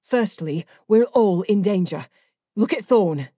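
A woman's voice: fairly low pitch, moderate pace, warm tone, dry recording, close to an everyday voice. Smug taunting angel guy from an audiobook as a lady reads him, a bit distant, dry sound. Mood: defiant.

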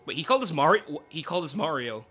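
A woman hosting a casual let's play, chatty and expressive as she reacts to the game. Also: low voice, very fast, husky, faint music behind. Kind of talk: casual gameplay commentary.

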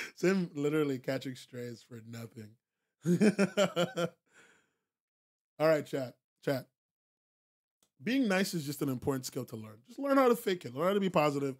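On the high side and fairly bright in tone, this man's voice belongs to a podcast host chatting bluntly with his stream. He curses freely, drives points home through repetition, and laughs a lot.

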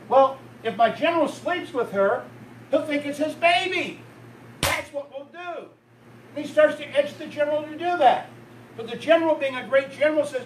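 A man's voice: extremely high pitch, lively intonation, normal speed, slight background noise. A male pastor preaching a sermon, telling the story with a voice that rises and falls in intensity. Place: church sanctuary. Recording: roomy, distant church recording.

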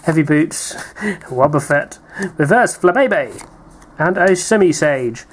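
A man's voice: a little high, lively intonation, takes it slowly. A British man chatting playfully while opening card packs, reading out names with little laughs. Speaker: card pack opener, co-host. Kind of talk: casual unboxing chat.

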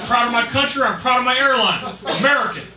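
A man's voice: very high voice, quick pace, a crowd in the background, pitched above the performer's own voice. A man playing an outraged, flag-waving patriot who rants at the top of his voice. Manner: shouting, indignant ranting. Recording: roomy, distant, noisy live room.

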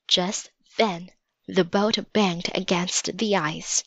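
A woman reading a children's chapter book aloud in a slow, steady manner. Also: on the low side, no room sound. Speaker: storybook reader.

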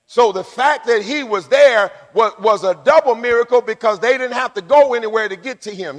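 A man with a high voice preaches a sermon in a church, and a long reverb trails his words around the hall. He calls on the congregation to answer him back and rises into shouts as he goes. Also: moderate pace, hardly any pauses. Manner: call-and-response preaching, building to shouts. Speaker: pastor. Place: church sanctuary.

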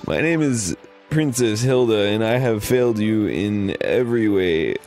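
A man's voice: lowish voice, expressive, unhurried, a little mellow. A man reading a young princess's lines in a mock-solemn, half-laughing way over video game music.

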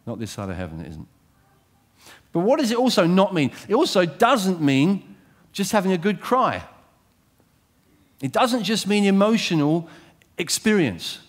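A man preaching a sermon, animated and direct, asking his listeners questions and swinging from loud emphasis to quiet intensity. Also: high-pitched, unhurried, long pauses.

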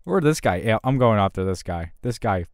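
A man's voice: lowish voice, animated, brisk, no room sound, studio quality. Young man swearing over gameplay. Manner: swearing, trash-talking, swinging between mutters and loud outbursts. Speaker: gaming channel host. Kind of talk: profane gameplay commentary.

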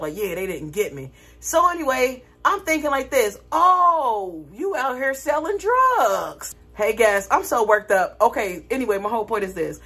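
A woman's voice: mid-range voice, husky. A woman vlogger talking casually to her viewers, telling a dramatic story with lots of energy. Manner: animated, dramatic retelling with laughter.

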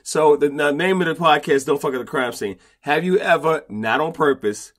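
A man hosting a casual podcast interview, slangy and animated, often repeating himself. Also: fairly high pitch, normal speed. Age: older. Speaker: podcast host.

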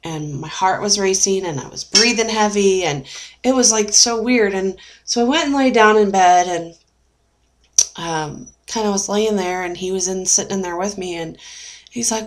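A woman's voice: medium pitch, normal speed. A young woman vlogger telling a personal story in a chatty way, with many fillers and restarts. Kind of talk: casual storytelling vlog.

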